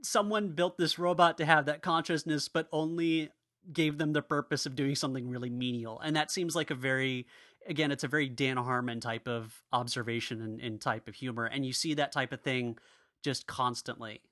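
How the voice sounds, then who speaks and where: A man co-hosts a casual podcast, his voice bright and forward. The sound is dry and close, with no room around it. He rambles, restarts his sentences and laughs as he talks. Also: mid-range voice, fairly even intonation, normal speed, no room sound. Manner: rambling, restarts often, laughs while talking. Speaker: podcast co-host.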